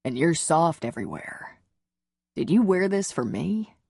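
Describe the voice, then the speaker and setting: A woman reading the part of a gentle, confident man in an audiobook romance, speaking in a low, reassuring murmur. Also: very animated, unhurried, vocal fry, husky, no room sound, studio quality, exaggerated voice. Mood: tender. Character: tender confident adult man, a lover.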